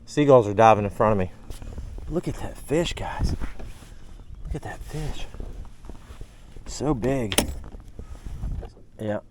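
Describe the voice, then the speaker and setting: Excited angler narrating from a boat. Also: male voice, on the low side, takes it slowly, pauses often, slight background noise. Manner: excited, slangy, calls people dude and bro. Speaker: fishing vlog host, pro angler. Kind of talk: casual vlog narration while fishing. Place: outdoors on a boat on a lake.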